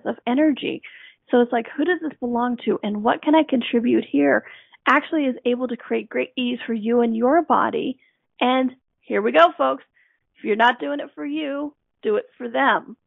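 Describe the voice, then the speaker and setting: A woman's voice: a little high, moderate pace, vocal fry, dry recording. A woman hosting a self-help radio show, talking in an earnest, coaching way and repeating her key phrases. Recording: dry tinny phone-like line.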